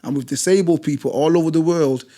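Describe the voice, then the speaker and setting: A man's voice: on the high side, quick pace, dark tone. A British man who works as a gym instructor, telling stories in an emphatic, blunt way, repeating phrases for force. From Britain. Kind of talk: passionate storytelling in conversation.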